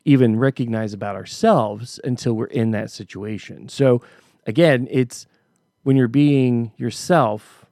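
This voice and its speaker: A man's voice: mid-range voice, unhurried, mellow, dry recording, studio quality. A middle-aged man hosting a podcast, talking in a casual reflective monologue and telling personal stories conversationally with frequent restarts. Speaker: podcast host.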